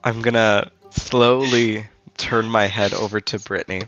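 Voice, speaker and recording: A man's voice: lowish voice, steady tone, a little slow, fairly bright tone, no room sound, lo-fi sound, soft background music. A man playing a tabletop game, counting dice and describing his moves. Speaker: player.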